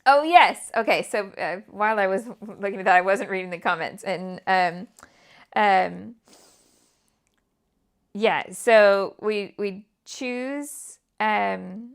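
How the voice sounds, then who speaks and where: A woman with a British accent hosting a live scrapbooking stream. She chats casually and drops into soft, half-whispered asides to herself as she works. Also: mid-range voice, takes it slowly, vocal fry, clean tone. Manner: chatty, muttering half-whispered asides to herself while working. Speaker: scrapbooking livestream host. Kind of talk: casual live crafting chat.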